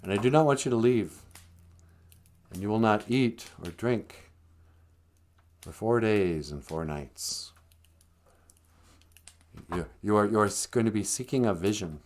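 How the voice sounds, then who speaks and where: A man's voice: lowish voice, measured pace, long pauses, darkish tone, natural voice. A man voicing a stern elderly grandfather who speaks in a solemn, commanding way.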